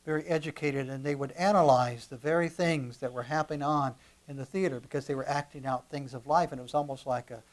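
A male pastor preaching a sermon, animated, moving from quiet asides to loud emphatic lines and repeating words as he restarts. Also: medium pitch, quick pace.

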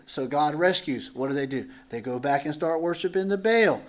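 A man's voice: on the high side, fairly quick, hardly any pauses, a little hiss or hum. A man preaching as a pastor in a church, teaching through a Bible passage in a conversational way, acting out voices and joking with the congregation. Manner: animated, acts out dialogue, jokes with the congregation.

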